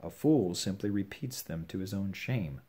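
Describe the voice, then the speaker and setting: An older man giving earnest, measured advice on scripture to his children and grandchildren at home. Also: low-pitched, expressive, warm tone, breathy edge. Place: home with a puppy nearby.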